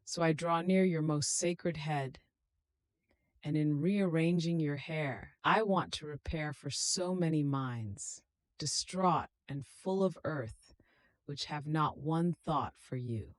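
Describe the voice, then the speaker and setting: Woman slowly reading a devotional prayer, low voice, dry close sound. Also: dry recording. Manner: slow, solemn, prayerful. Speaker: devotional reader.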